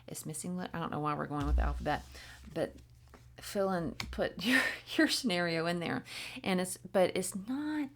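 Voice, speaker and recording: A woman's voice: lowish voice, normal speed. A woman giving a casual spoken tarot reading, chatty and blunt, swearing freely and slipping into whispers. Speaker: tarot reader.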